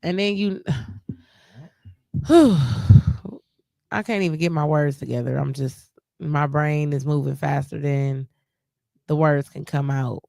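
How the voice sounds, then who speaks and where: A woman's voice: low voice, takes it slowly, creaky, pauses often, mellow, no room sound, clean studio sound. A grieving woman talking casually in a live stream chat, emotional and rambling, often restarting her sentences. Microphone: live stream mic.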